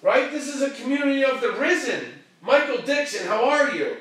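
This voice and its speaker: Preachy pep talk guy, fervent, goes from yelling to hushed, really echoey and off mic. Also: very high-pitched, lively intonation, moderate pace, far from the mic. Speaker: motivational live-stream host.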